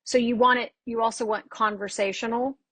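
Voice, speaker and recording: Husky-voiced woman dialect coach. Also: on the high side, fairly quick, no room sound. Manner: lively storyteller, acts out quoted exchanges. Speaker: dialect coach, podcast guest. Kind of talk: casual interview chat.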